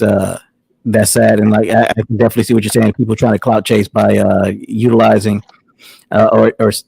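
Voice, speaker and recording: A man hosting a live show, chatting casually and reading viewer comments in a measured way. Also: lowish voice, vocal fry, darkish tone, slightly rough, no room sound, poor audio. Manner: measured, reads viewer chats aloud. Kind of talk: casual live-stream chat.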